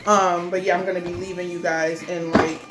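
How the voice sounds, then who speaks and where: A woman's voice: on the low side, little pitch movement, fairly quick, loud music behind the voice. A woman co-hosting a casual mukbang chat, talking loosely with lots of fillers while she eats. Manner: chatty, loose and rambling, full of fillers. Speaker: mukbang co-host. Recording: roomy echo.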